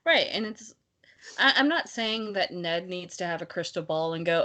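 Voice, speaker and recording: A woman co-hosting a casual book discussion podcast, talking in an animated, exasperated way and laughing often. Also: lowish voice, normal speed. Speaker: podcast co-host.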